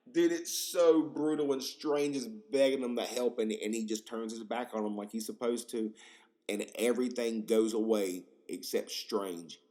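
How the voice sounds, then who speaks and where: Rambling, excitable young male podcaster. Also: on the low side. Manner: rambling, profane, excitable, lots of fillers. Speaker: podcast host. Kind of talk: casual solo podcast rant.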